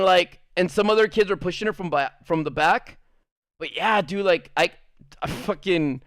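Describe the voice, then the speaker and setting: High-voiced man telling a rambling story. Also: fairly bright tone, clean tone, no echo. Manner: rambling, profane, laughs often. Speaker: streamer. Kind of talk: casual storytelling.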